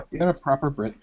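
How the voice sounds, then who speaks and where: A man joking around on a video call, laughing a lot. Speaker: artist on a show. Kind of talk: casual chat on a video call. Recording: dull lo-fi call audio.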